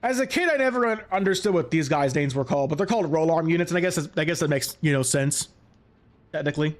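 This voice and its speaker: A man's voice: on the high side, expressive, fast talker. A man in his late twenties giving casual, rambling gameplay commentary as a let's player, often correcting himself mid-sentence. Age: late 20s. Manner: rambling and chatty, self-correcting. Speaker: let's play gamer.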